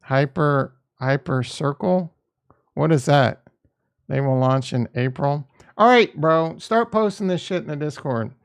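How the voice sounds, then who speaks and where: A middle-aged man chats through a crypto livestream in a smooth, clear voice that sits a bit high for a man. He is blunt and jokey, cursing freely and swinging between loud bursts and quiet asides. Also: expressive, a little slow. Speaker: crypto stream host. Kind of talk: casual livestream chat reading viewer comments.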